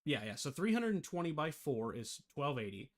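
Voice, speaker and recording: A man's voice: a little high, sing-song, normal speed. A man giving a casual screen-share tutorial on game development, rambling, correcting himself and thinking aloud, with the hiccups.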